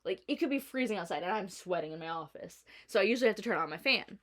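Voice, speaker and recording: A young woman vlogging at home, chatting and telling a story with animated quoting and laughter. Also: medium pitch, quick pace. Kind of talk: casual chat. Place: indoors at home.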